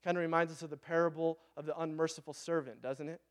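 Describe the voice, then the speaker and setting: A man in his thirties with a Pacific Northwest American accent preaches at a quick pace, his fairly high voice level in tone. As the pastor, he keeps the sermon conversational and questions the congregation.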